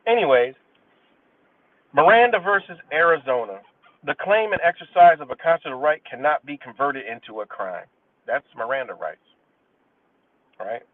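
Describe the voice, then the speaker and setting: This livestream host, a man from New York State with an animated, high-leaning voice, stumbles through legal citations and then launches into blunt, profane commentary. The audio is dry and tinny like a phone, with the mic far away.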